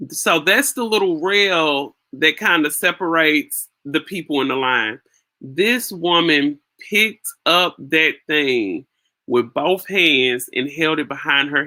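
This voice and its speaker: Bright-voiced woman giving casual commentary. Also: low-pitched. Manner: conversational, repeats words while thinking. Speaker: commentary channel host. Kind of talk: casual commentary on a viral video.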